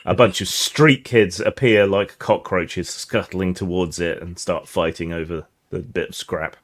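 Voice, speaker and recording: A man narrating as game master of a tabletop game, relaxed and descriptive with many fillers. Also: deep voice, unhurried.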